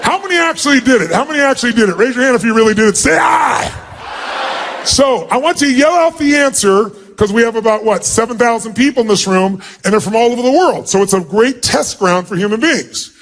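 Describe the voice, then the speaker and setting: A man's voice: very high voice, fast, hardly any pauses, raised voice. A man leading a live motivational seminar in a large hall, energetically calling out instructions to thousands of people. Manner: commanding, energetic, calling out to the crowd. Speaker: seminar speaker leading an audience exercise.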